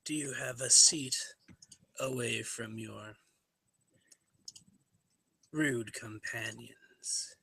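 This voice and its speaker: A man narrating as game master in a tabletop role-play, slow and deliberate. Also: medium pitch, creaky, bright, forceful tone, slightly rough, dry recording, poor audio.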